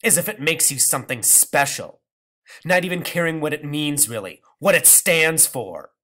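A bitter elderly grandmother who scolds in a sharp, raised, indignant voice, as a man reading the story puts her on. Her pitch leaps around in lively swings, and she sounds storybook-theatrical. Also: moderate pace. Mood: scornful.

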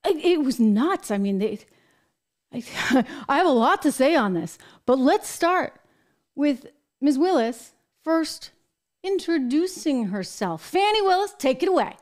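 An American woman with a slightly high voice hosts a commentary show. She talks emphatically and with animation, throwing in exasperated asides. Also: very animated, unhurried, darkish tone. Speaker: show host. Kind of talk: political commentary.

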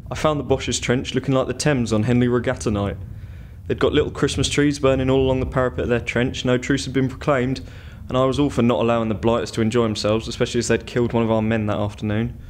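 An actor reading the letter of a bitter, resentful British First World War officer in a clipped way. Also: male voice, mid-range voice, little pitch movement, fast, slight background noise, natural voice.

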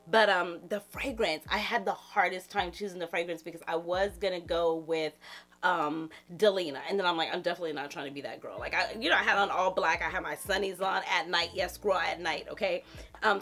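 Sassy, animated woman vlogger. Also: fairly low pitch. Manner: animated, sassy, talks to viewers as girlfriends. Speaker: beauty vlogger. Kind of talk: casual chatty product talk.

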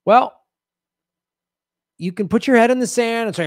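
A man in the middle of a heated political commentary, sarcastic and indignant. His voice sits at an ordinary pitch and lurches between loud jabs and low muttered asides. The sound is dry and close, with no room around it. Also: normal speed, long pauses, no room sound. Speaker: show host.

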